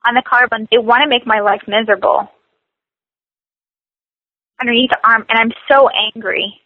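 A woman coaching a tapping session, speaking slow, repetitive scripted phrases. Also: a little high, fairly even intonation, no room sound, highs cut off.

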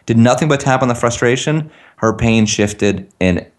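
A man's voice: mid-range voice, animated, normal speed. A man giving an earnest coaching talk on a call, acting out example phrases for listeners to repeat. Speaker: tapping practitioner, guest on a call.

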